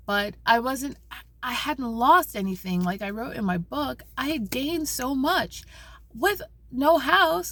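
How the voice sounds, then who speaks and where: A woman vlogging from a parked car, telling a story in an animated, conversational way with many restarts and asides. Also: on the high side. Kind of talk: casual spiritual vlog talk.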